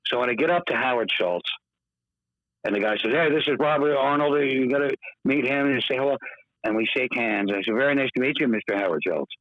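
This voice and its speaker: A man telling a story in casual podcast chat, lively and acting out the voices of the people he quotes. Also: mid-range voice, brisk, no echo. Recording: dull, dry podcast audio.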